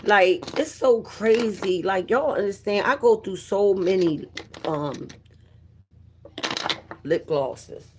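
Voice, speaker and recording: A woman's voice: medium pitch, slow pace, pauses often, background noise. A middle-aged woman chatting casually and profanely on her livestream, greeting viewers by name and telling a story. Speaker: livestream host.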